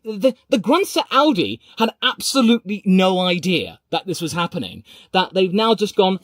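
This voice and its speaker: A man reacting to news on a live stream, reading viewer comments aloud and swinging from mumbled asides to excited outbursts. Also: sits high, normal speed, hardly any pauses, no echo, studio quality. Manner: chatty, reads comments aloud.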